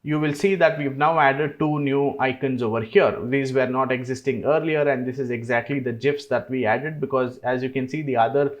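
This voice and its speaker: Man walking through a software tutorial. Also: mid-range voice, fairly even intonation, moderate pace, hardly any pauses. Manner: step-by-step, with frequent fillers. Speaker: tutorial host. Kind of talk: screen-recorded software tutorial.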